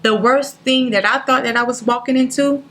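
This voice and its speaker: A woman, a guest on a talk show, telling a painful personal story in an earnest, halting way, near tears, acting out what others said. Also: high-pitched, fairly even intonation, a bit bright. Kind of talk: emotional personal story in interview.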